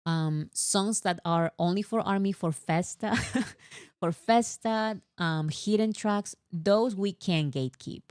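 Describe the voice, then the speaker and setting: A woman co-hosting a casual fan chat, talking in an animated, exasperated way with lots of fillers. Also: fairly low pitch, takes it slowly, no room sound, clean studio sound. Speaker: co-host.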